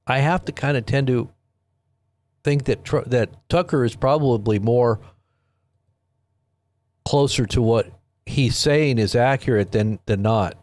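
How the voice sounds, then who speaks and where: A man's voice: mid-range voice, unhurried, long pauses, darkish tone. Chatty man hosting a live stream. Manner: chatty, rambling storyteller who laughs at his own stories. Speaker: host of a live late-night news stream. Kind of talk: casual live-stream chat, reading viewers' comments. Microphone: own desk microphone.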